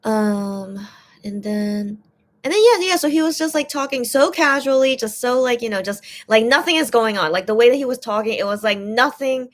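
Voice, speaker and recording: A woman's voice: mid-range voice, a bit bright. A young woman fan chatting casually on her own live stream, rambling and hesitant as she retells and translates what was said. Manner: rambling, hesitant, repeats words often. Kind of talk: casual livestream chat.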